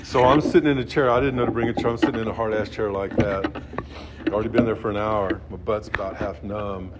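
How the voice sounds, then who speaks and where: A man in his fifties telling his own recovery story in a halting, blunt, profane way, heard on a noisy recording. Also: lowish voice, fairly even intonation. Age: 50s. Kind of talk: personal testimony at a meeting.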